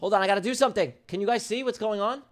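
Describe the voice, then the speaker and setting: A man hosting a live day-trading stream, talking in a brash, profane and excitable way. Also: high voice, very fast, faint music behind. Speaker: day trader hosting a livestream.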